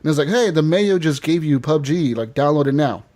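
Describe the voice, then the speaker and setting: A man's voice: a little high, animated, a little fast, darkish tone. Rambling, profane casual podcast guy. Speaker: podcast host. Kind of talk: casual chat. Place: podcast studio.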